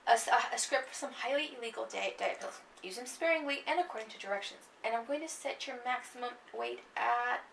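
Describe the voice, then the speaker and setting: A woman reading aloud as a polite, quietly threatening male criminal businessman, in her own gravelly voice. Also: fairly high pitch, fairly quick, few pauses, distant mic, slight background noise. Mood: businesslike.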